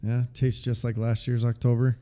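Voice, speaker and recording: A man's voice: medium pitch, completely flat delivery, moderate pace, warm tone. A man co-hosting a casual podcast, speaking hesitantly with frequent ums and restarts. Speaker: podcast co-host. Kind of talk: casual chat.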